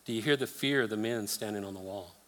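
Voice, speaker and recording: A man preaching an expository sermon, reading scripture aloud with dramatic emphasis and then explaining it in a lower, quieter tone. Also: fast. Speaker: pastor. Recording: long hall reverb.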